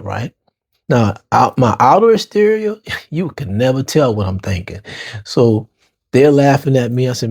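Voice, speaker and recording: A middle-aged man from New Orleans's Lower Ninth Ward with a New Orleans accent, hosting his own show and telling a personal story in a casual, slangy way, talking straight to listeners. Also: lively intonation, normal speed, a little mellow. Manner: casual, street-slang phrasing, talks to listeners as y'all. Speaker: podcast host.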